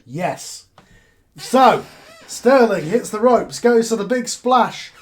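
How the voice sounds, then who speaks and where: A man acting as game master, narrating wrestling moves with excited play-by-play. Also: sits high, takes it slowly.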